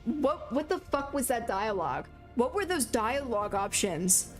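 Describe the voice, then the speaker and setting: A woman's voice: on the high side, very animated, unhurried, soft background music. A young woman streamer commenting casually on a video game, exasperated, profane and laughing. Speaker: gaming streamer. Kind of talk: casual let's-play commentary.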